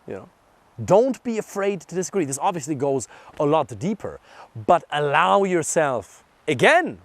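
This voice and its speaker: Young male dating coach, higher voice, lively swings, blunt and emphatic, dry close sound. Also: no echo. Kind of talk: direct advice monologue.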